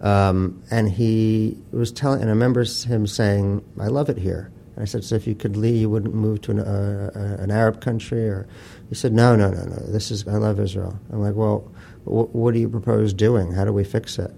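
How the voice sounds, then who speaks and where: A man's voice: lowish voice, fairly even intonation, moderate pace, vocal fry, dark tone, slight background noise. A man talking as an author guest in an interview, blunt and profane, telling wry stories. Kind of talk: casual interview talk.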